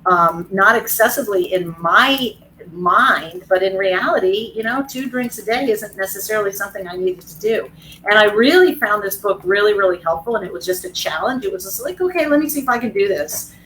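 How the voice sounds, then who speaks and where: A woman's voice: medium pitch, normal speed, pushed and bright, a little hiss or hum, poor audio. A woman fitness professional talking casually in a webinar, chatty and candid, acting out voices in her stories. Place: video call.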